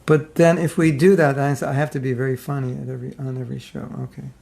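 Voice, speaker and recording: Talking fast with a flat delivery, a middle-aged man uses a mid-range voice marked by vocal fry and a touch of mellowness. His spiritual class is casual and humorous; he jokes with listeners, plays out their reactions, and keeps a conversational tone.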